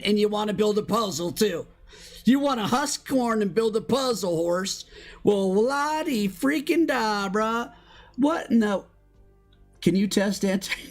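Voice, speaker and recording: A streamer chatting live over gameplay in slangy, excitable talk that breaks into high shouts and exclamations. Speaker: Minecraft streamer.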